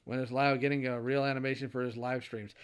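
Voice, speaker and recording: A young man hosts a livestream, reading viewers' donation messages one after another. His voice sits in an ordinary middle range, and he answers each message with a quick, dry one-liner. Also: medium pitch, flat delivery, clean tone. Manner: reads messages aloud, answers with short dry quips. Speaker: streamer host.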